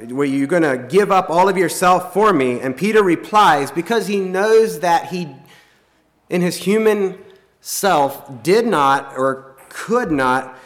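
Earnest man preaching, slightly high voice. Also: expressive. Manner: halting, many restarts and fillers; earnest, plain-spoken. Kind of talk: sermon.

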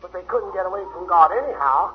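A man preaching a fervent revival sermon to a congregation, repeating phrases and swinging between loud and hushed delivery. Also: high-pitched, animated, quick pace, a little hiss or hum. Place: church revival meeting. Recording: muffled old lo-fi recording.

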